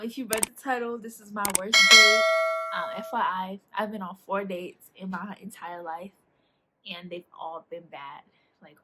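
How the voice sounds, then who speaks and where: A young woman, chatting casually as a vlogger through a storytime about a date, animated and laughing as she acts out what people said. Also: medium pitch, a little hiss or hum.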